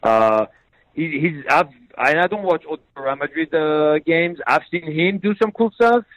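Uomo esitante che parla di calcio, audio cupo. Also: male voice, fairly high pitch, a little slow, a bit bright, no room sound, highs cut off. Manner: hesitant, many fillers and restarts. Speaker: football pundit. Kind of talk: casual sports chat.

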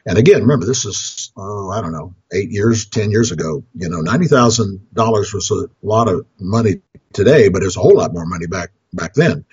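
A very husky, breathy man talks about budgeting as a financial counselor. He rambles, restarts his phrases and chuckles along with his own stories. The recording is dry and close, with a dull lo-fi sound. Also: on the low side, animated, a little fast, a little mellow, dry recording. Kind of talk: storytelling talk on budgeting.

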